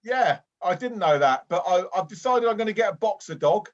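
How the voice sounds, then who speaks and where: A man's voice: sits high, lively intonation, a little fast, highs cut off. A man playing a rambling, lonely amateur boxer. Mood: eager. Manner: hesitant and rambling, full of restarts. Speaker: improv performer. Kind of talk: improvised comedy sketch.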